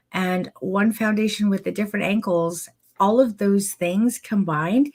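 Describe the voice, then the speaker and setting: A woman's voice: on the low side, darkish tone. Encouraging woman teaching a masterclass. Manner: encouraging, addresses viewers directly; demonstrative, coaching. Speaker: photography posing instructor.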